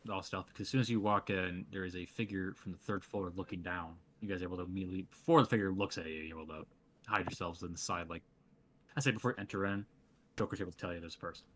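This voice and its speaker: A man's voice: low-pitched, steady tone, fast, fairly bright tone, a little hiss or hum. A man running a tabletop game as game master, in a casual, joking manner.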